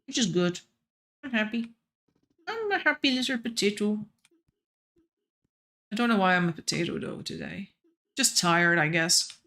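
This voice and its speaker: A woman's voice: medium pitch, animated, normal speed, long pauses, a bit bright. A woman streaming a game, chatting casually and playfully with the other players and her viewers.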